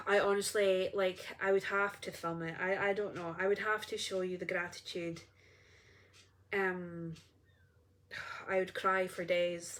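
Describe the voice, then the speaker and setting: A woman's voice: fairly low pitch, level tone, slow, pauses often, fairly bright tone. A woman, an energy healer, talking casually and earnestly to her viewers, rambling and interrupting herself. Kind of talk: casual spiritual vlog.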